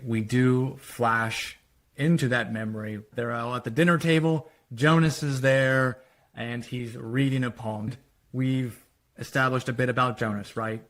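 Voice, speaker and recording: A man's voice: mid-range voice, fairly even intonation, measured pace, a bit bright. A man, a screenwriter, casually talking through his screenplay treatment scene by scene, with loose phrasing and quoted dialogue.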